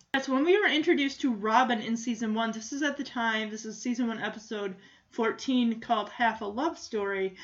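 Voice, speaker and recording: A woman's voice: fairly high pitch, fairly bright tone, muffled recording. A woman casually recapping a sitcom episode, chatty and giggly, full of "like" and "you know". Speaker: show recap host.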